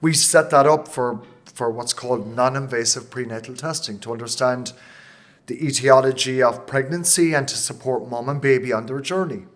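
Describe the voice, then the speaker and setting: In an interview conversation, a company founder from Ireland responds with passion and emotion, his answers coming in rapid bursts with many restarts. He speaks with an Irish accent at a medium pitch.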